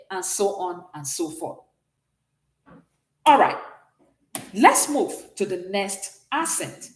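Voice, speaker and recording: A woman's voice: medium pitch, sing-song, takes it slowly, pauses often, reverberant. A woman teaching a beginners' French class, patiently explaining and often checking in with "okay?". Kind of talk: online class lesson.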